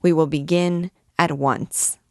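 A woman's voice: low voice, fairly even intonation, slow pace, dark tone, dry recording, clean studio sound. A woman voicing a terrified male stage actor who stammers and speaks nervously.

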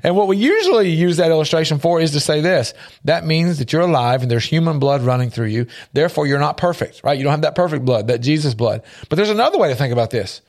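A man talks on a faith-based show in a fairly high, lively voice. He tells his stories with animated swings in pitch. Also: quick pace. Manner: animated storytelling, jumps up in pitch for quoted voices. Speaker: podcast co-host. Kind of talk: faith-based motivational talk.

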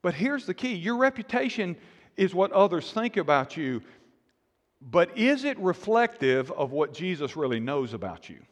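A male pastor preaches in a church sanctuary, and his voice trails off into a long hall reverb. He sits high for a man. He tells stories with energy, slipping into acted-out voices for the quotes. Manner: animated storytelling with acted-out quotes. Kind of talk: sermon.

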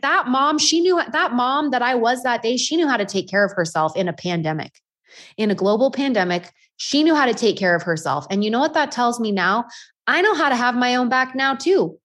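30s woman coach talking to moms, candid, jokes at her own expense, lots of "right?". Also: on the high side. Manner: candid, self-deprecating, frequent rhetorical questions. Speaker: life coach and podcast host. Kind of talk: motivational talk.

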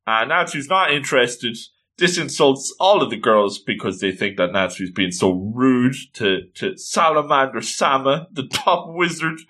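Playful, lively man recapping a cartoon. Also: medium pitch. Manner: playful, chatty, dropping into voices. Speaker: anime recap host. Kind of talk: casual episode recap.

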